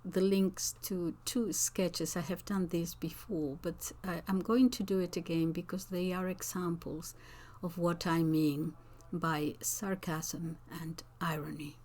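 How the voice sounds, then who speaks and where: A slow, low-pitched woman talks unscripted to her viewers, answering their comments. She speaks thoughtfully and unhurriedly, pausing often and restarting her phrases as she works through an explanation. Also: steady tone, a little mellow. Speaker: language teacher and channel host.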